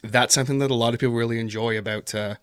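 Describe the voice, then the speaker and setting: A horror narrator appearing as a podcast guest talks casually and very fast, rambling with plenty of fillers and self-deprecating asides. His mid-range voice is steady and smooth, and the recording is dry and studio quality.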